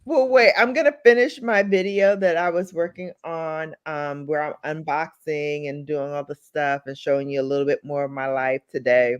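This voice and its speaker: A woman with a slightly low voice hosts a casual live stream. She gushes over her guests and talks in a chatty, effusive way. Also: steady tone, moderate pace, few pauses, clear, resonant tone, highs cut off. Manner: warm, effusive, thanks guests often. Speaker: host.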